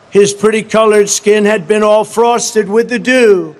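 Rambling high-pitched male rally speaker. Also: steady tone, measured pace, few pauses. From United States. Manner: rambling, boastful, repetitive, off-script asides. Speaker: political candidate at a rally. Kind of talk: rally speech.

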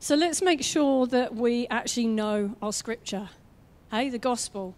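A young adult woman preaching a sermon in an energetic, conversational way, with quick asides, and she acts out the voices she quotes. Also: fairly high pitch. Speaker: guest preacher.

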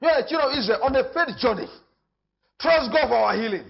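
Emphatic Nigerian pastor preaching. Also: male voice, very high voice, animated, quick pace, vocal fry, lo-fi sound. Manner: emphatic, repeats phrases, shifts from loud to hushed. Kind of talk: sermon. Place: church.

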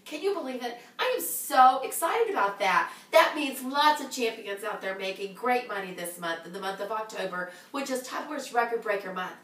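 Brief: high, bright-voiced woman, bubbly sales team leader, slightly hoarse; echoey room, off-mic. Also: animated, moderate pace, hardly any pauses, far from the mic, slight background noise. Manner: bubbly and exclamatory. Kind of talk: upbeat team announcement video.

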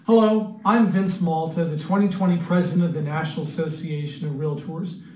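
A man's voice: a little high, steady tone, a little fast, darkish tone. A man, a national association president, giving a formal, congratulatory recorded video greeting. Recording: roomy sound, mic at a distance.

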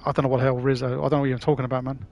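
A Cockney man from London chats casually with viewers while live-streaming a game, matey and swearing freely. His mid-range, darkish voice keeps a level tone and races along.

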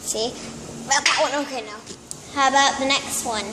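A woman's voice: high voice, fairly even intonation, moderate pace. A playful young woman chatting to viewers in a casual vlog at a gym. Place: community gym. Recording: echoey gym, loud background noise.

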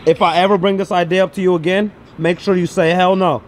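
A man's voice: high voice, level tone, fast. A young man vlogging outdoors on city streets, joking and teasing his dog in comedic banter. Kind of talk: comedic walking vlog.

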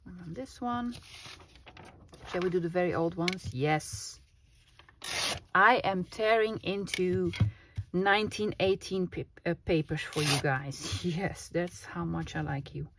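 A woman's voice: fairly low pitch, takes it slowly. A woman chatting casually to her viewers and to herself while making a collage, laughing often. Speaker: craft vlogger. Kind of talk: casual crafting vlog chat. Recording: clear background noise with clicks.

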